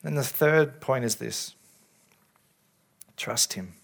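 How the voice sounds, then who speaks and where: A man preaching in a church, speaking as a pastor in an earnest, caring way with halting restarts, into a stage microphone. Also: medium pitch, vocal fry, a bit bright. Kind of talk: sermon. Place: church service. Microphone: handheld or stage microphone.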